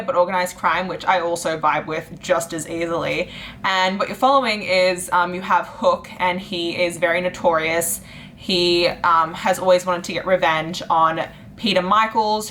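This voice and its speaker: A young woman in her twenties, chatting casually to camera in a reading vlog with lots of fillers, her voice jumping high when she gets excited. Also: slight background noise. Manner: chatty and giggly, lots of likes and ums, jumps into high pitch when excited. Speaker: book vlogger.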